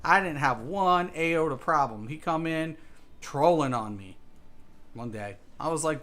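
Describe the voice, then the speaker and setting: A man's voice: a little high, lively intonation, measured pace, a bit bright. A man streaming a game, ranting casually and swearing often as he repeats himself. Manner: ranting, profane, repetitive. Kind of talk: casual gaming stream talk.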